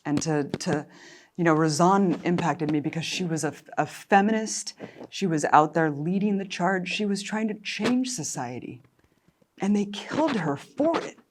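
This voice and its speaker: A woman's voice: fairly low pitch, expressive, moderate pace, slight background noise. A woman guest on an interview, a documentary filmmaker, speaking with passionate indignation and raw emotion that at times nears tears.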